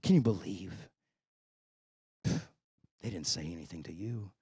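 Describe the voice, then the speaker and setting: A preacher doing a low, murmuring demon tempter. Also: male voice, a little slow, mellow, slightly rough, no room sound, studio quality, heavily acted. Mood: taunting. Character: sly whispering male demon tempter.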